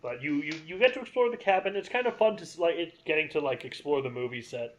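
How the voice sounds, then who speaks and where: A man's voice: on the high side, expressive, fast, muffled recording. A man co-hosting a casual gaming podcast, rambling enthusiastically through game and movie trivia. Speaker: podcast co-host.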